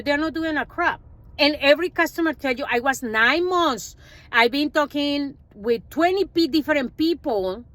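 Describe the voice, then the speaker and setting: A woman speaking English as a second language, her first being Spanish, telling an animated personal finance story in a casual vlog and acting out what others said. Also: sits high, no echo. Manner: animated storytelling, acts out quoted dialogue, non-native grammar.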